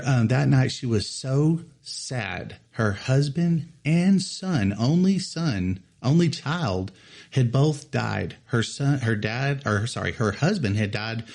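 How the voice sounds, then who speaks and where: Man in his thirties, casual podcast chat, animated storyteller, acts out the voices, medium pitch. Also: vocal fry. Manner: animated storyteller, laughs often, acts out others' lines. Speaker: podcast co-host telling a story.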